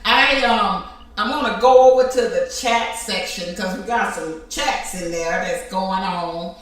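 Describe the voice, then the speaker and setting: A woman hosting an interview, unhurried, relaying the viewers' chat. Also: mid-range voice. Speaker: host. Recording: echoey room, distant mic.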